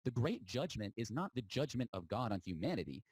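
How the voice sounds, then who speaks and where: A man's voice: mid-range voice, very animated, brisk, a little mellow, slightly rough, no room sound, low-quality recording. A man delivering an impassioned, defiant monologue as a podcast host, mocking and preachy, drawing out words for emphasis.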